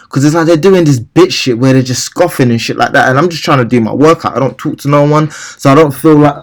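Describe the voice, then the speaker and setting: A man's voice: on the high side, fast, few pauses, a bit bright. A young man telling a long, rambling story and ranting about it, acting out his own replies. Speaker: vlogger. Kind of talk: casual storytelling rant.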